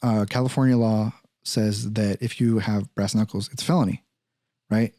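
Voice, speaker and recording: A man's voice: lowish voice, normal speed, no room sound, studio quality. A man hosting a podcast, telling a story in casual, profane talk and acting out what others said. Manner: profane, animated, acts out quoted voices. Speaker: podcast host.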